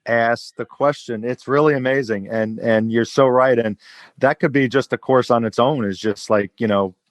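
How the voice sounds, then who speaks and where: A man's voice: medium pitch, steady tone, moderate pace, no room sound. Podcast host guy, emphatic, trips over his words a bit, dry sound. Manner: emphatic, repeats words when starting. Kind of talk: casual chat.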